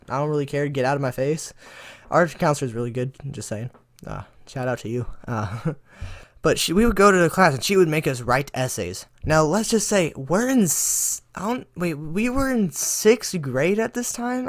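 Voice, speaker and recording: A man's voice: on the high side, a bit bright. A teenage boy casually telling school stories to his camera, rambling and mimicking teachers and classmates. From United States. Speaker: vlogger.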